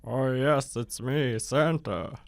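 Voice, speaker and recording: Deadpan Santa, as a man plays him. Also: mid-range voice, takes it slowly, gravelly, no echo. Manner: deadpan, flat delivery. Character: deadpan Santa with a shaky put-on voice. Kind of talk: improv comedy scene.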